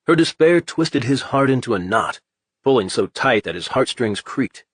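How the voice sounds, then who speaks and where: A man reading a horror audiobook in a measured, dramatic way. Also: medium pitch, lively intonation, breathy edge, no echo. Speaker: audiobook narrator. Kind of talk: scripted horror narration.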